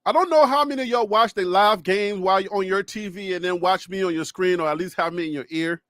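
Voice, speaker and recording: A man hosting a casual sports reaction talk, animated and excitable, laughing often. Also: sits high, fast, dry recording, clean studio sound. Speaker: host.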